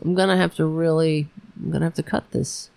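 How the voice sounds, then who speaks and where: A woman's voice: deep voice, steady tone, fairly quick, vocal fry, a little mellow, no room sound. A woman hosting a political podcast, ranting alone in an angry, sarcastic, profane way with many restarts. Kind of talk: ranting solo commentary.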